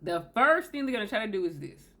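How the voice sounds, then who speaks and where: A woman's voice: medium pitch, very animated, fast talker, sharp tone. Emphatic woman giving advice to camera. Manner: emphatic, repeats key phrases, acts out quoted people. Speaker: self-help video host. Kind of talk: direct-to-camera advice talk.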